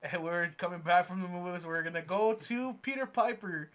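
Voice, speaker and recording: A man's voice: high-pitched, fairly even intonation, brisk, fairly bright tone. A man co-hosting a podcast, teasing and joking in casual chat. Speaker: podcast co-host.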